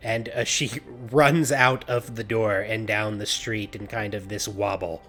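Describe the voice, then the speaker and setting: A man narrating as game master of a tabletop game online, animated and often laughing, with many fillers. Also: on the low side, a little slow, hardly any pauses, faint music behind.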